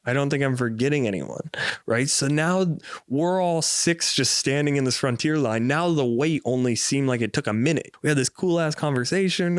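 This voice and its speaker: A man's voice: fairly high pitch, normal speed, clear, resonant tone, dry recording. Young male podcaster, casual rambling story, clean resonant voice. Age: 20s. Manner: rambling, profane, animated storyteller. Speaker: podcast host.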